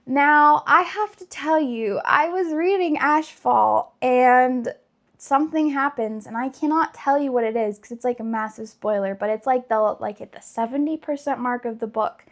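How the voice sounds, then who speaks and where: A woman's voice: sits high, normal speed. A young adult woman chatting casually and gushing about books she loves, with lots of "like". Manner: chatty, gushing, many likes. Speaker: book vlogger. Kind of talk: casual chat.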